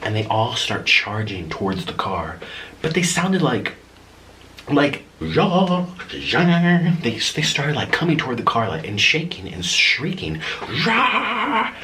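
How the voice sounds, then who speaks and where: Animated man telling a story while eating. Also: on the low side, normal speed, slight background noise, rough recording. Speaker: vlogger. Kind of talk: storytelling mukbang vlog. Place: home at night.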